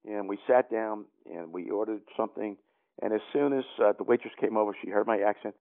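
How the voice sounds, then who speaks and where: A man's voice: on the low side, fairly even intonation, brisk. An older man with a New York accent, telling a long story as an interview guest in a rambling way full of fillers and restarts. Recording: tinny phone line.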